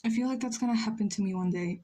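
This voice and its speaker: A woman's voice: a little high, quick pace, mellow, slight background noise. A young woman from Chile, chatting casually and joking with her chat while she draws on a livestream. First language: Spanish. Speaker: streamer.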